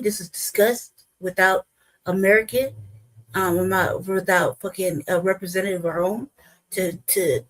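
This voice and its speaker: A woman's voice: medium pitch, breathy edge, low-quality recording. A woman hosting a reaction commentary, heated and emphatic, swearing freely as she rants. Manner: heated, profane, emphatic ranting. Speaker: host.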